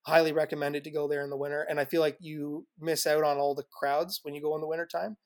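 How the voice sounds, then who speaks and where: A man's voice: on the high side, level tone, fast, no echo, clean studio sound. A man telling travel stories as a guest on a podcast, chatty and loose, laughing often, with lots of fillers and restarts. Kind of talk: casual interview chat.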